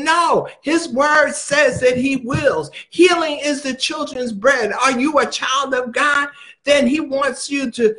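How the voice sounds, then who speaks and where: A man's voice: very high-pitched, slow, bright, forceful tone. A man preaching a sermon, emphatic and repeating phrases for stress.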